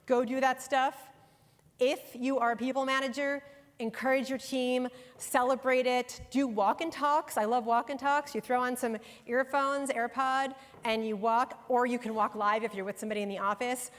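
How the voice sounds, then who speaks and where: A woman's voice: fairly high pitch, fairly even intonation, moderate pace, a bit bright. A middle-aged woman from New York gives a conversational, emphatic workshop talk to professionals in a conference room. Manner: conversational and emphatic, speaking directly to the audience. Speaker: workshop presenter and author. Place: conference room before a live audience. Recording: long hall reverb in a large room.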